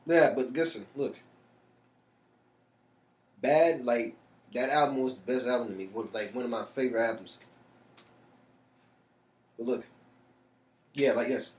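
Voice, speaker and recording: A co-host in a relaxed, animated chat, telling stories and laughing often. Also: medium pitch, a little slow, long pauses. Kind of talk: casual chat. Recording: roomy echo.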